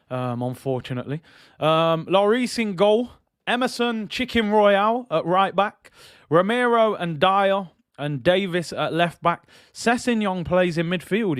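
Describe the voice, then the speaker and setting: A man's voice: sits high, smooth, dry recording, studio quality. A man hosting a live football watch-along, chatting casually in slang and reading out viewer messages.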